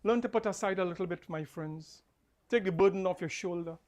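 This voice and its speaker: A man, an officiating pundit preaching a funeral sermon, repeating key lines and swinging between soft and loud. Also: high-pitched, a little fast.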